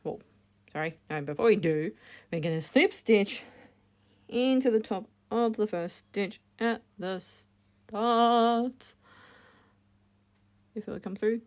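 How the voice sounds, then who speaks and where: A woman's voice: medium pitch, takes it slowly, long pauses, a little mellow. A woman talking through a crochet tutorial step by step, chatty and correcting herself as she goes. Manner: chatty, self-correcting, laughs at her slips. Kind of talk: casual step-by-step demonstration.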